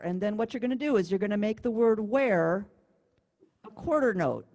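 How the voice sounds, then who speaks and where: Brief: woman music teacher, mellow warm tone, patient and explanatory, on a video-call mic. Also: medium pitch, normal speed. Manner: patient, explanatory, counts beats aloud. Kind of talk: online class instruction. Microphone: computer mic on a video call.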